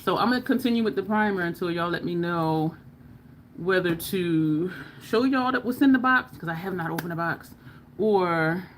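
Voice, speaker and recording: An American woman hosts a beauty livestream from her home makeup setup under bright lights, her voice lowish with slight background noise. She chats in a rambling way and addresses her viewers directly as y'all.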